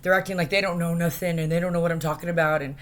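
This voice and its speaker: A woman speaking into a phone camera in a rambling, distressed rant, halting and profane, with many fillers. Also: on the low side, steady tone. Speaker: vlogger.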